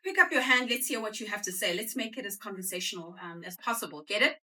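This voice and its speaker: A South African woman talks to a live audience in a loose, chatty presentation, pulling the room in with quick back-and-forth questions. Her voice is bright and forward, caught from a step back from the microphone. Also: medium pitch, lively intonation, far from the mic. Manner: chatty, uses call-and-response with the audience. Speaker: guest speaker. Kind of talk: conversational presentation.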